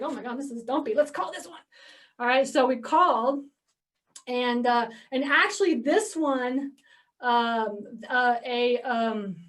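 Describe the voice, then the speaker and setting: Far from the microphone, a woman with a high, slightly bright voice chats her way through a story about buying storage facilities, sprinkling in "like" and "okay?" and acting out her phone calls. She's a Georgia, US real estate investor addressing a meeting.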